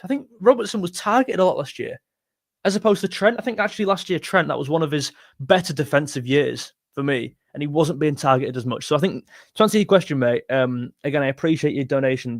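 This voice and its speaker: A man's voice: a little high, no room sound, studio quality. A young man hosting a football live stream, chatting casually and bluntly while reading viewer comments. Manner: chatty, blunt, self-deprecating, thanks donors warmly. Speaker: football livestream host reading chat.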